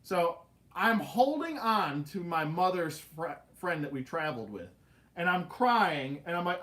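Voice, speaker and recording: A man hosting a casual livestream, telling stories in an animated way with laughs and swearing. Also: a little high, a little slow. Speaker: livestream host. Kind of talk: casual storytelling chat.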